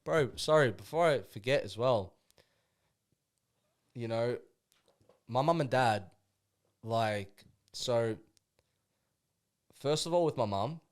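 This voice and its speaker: A young Australian man, a podcast guest, talking casually and rambling, full of slang and "bro". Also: mid-range voice. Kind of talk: casual conversation.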